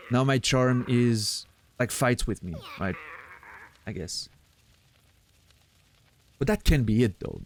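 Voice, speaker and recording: A man streaming a game, chatting casually in an excitable, laughing, self-deprecating way. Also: medium pitch, a little hiss or hum. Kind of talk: casual gameplay chat.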